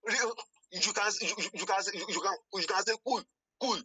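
A man's voice: high-pitched, fairly quick, pushed and bright, slightly rough. Stammering man on a phone call. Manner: hesitant, stammering, repeats excuse me. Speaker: caller. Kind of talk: heated phone debate.

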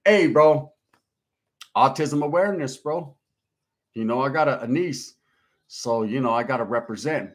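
Slangy chill dude reading his live chat, husky kinda raspy voice. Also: a little high. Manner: laid-back, slangy, shouts out viewers. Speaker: livestream host. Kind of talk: casual livestream chat, reading comments.

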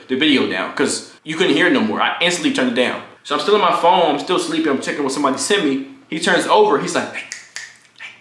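A young man casually telling a profane, animated story about his college roommate, acting out what people said. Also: reverberant. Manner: animated, profane, acts out quotes in high voices. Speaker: storytime vlogger.

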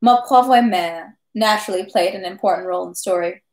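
A woman reading a classic novel aloud at a steady pace, with small slips and self-corrections. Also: medium pitch, brisk, few pauses. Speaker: reader of a novel. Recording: echoey room.

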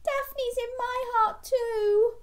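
A woman's voice: extremely high pitch, steady tone, drawn-out words, voice pushed up, full character voice. A woman voicing a tearful little girl fish who sobs as she speaks, for a children's storybook. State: sobbing.

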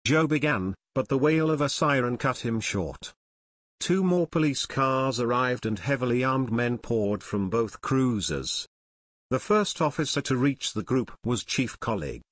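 A man's voice: medium pitch, expressive, normal speed, no echo. Man narrating an audiobook, dry sound. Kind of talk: scripted narration.

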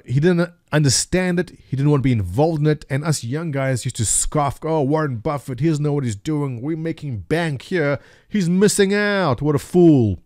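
A man's voice: mid-range voice, darkish tone, no echo, studio quality. Chatty man telling trading stories. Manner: chatty, rhetorical questions to viewers; laughs at his own stories. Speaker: streamer and market commentator. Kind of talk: casual storytelling over a chart.

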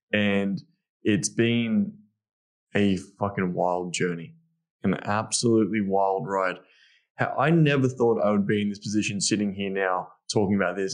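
A man guesting on a podcast, telling his story in a candid, blunt way with frequent swearing. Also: mid-range voice. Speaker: podcast guest, sex coach. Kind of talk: casual podcast interview.

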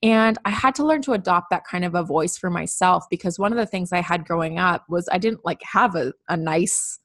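A woman's voice: fairly low pitch, a little fast, dry recording, clean studio sound. A woman talking candidly and chattily as a podcast guest, with lots of "like.". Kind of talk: casual podcast conversation.

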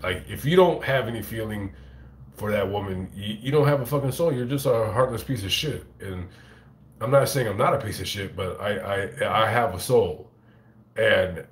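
Man, very deep voice, casual livestream talk, profane, halting restarts, phone mic, echoey room. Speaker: channel host on a livestream. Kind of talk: casual rambling livestream chat.

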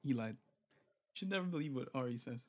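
A man's voice: mid-range voice, animated, fairly quick. A man chatting playfully with a friend during a casual game stream, laughing often. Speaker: guest streamer. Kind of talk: casual gaming stream chat.

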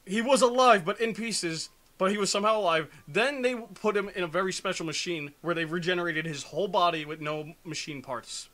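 A man's voice: sits high, a little fast, few pauses, bright, forceful tone. A young man co-hosting a let's play, rambling sarcastically and making crude jokes in casual gameplay commentary.

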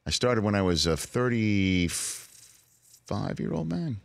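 A man in his late forties with a very low, deep voice, recounting a personal story on a sports talk show. He speaks earnestly and grows emotional at times. The studio sound is dry and close. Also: very animated, slow pace, creaky, no room sound. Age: 40s. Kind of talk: casual chat. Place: radio studio.

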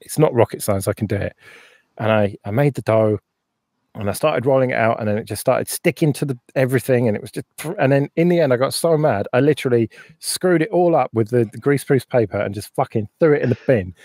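A man's voice: medium pitch, fast, darkish tone, no room sound, clean studio sound. A man hosting a casual live-stream chat, chatty and laughing often, sometimes swearing. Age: older than a younger co-host. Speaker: podcast host.

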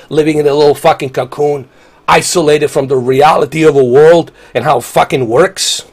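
A man's voice: on the high side, fairly even intonation, normal speed, faint music behind. A man, ranting angrily and profanely while live-streaming a game. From Bosnia. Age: 40s. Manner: angry, profane, combative.

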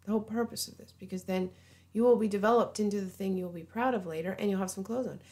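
A woman giving an informal sermon, earnest and pleading, often dropping to a hushed voice. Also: medium pitch, fast. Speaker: preacher.

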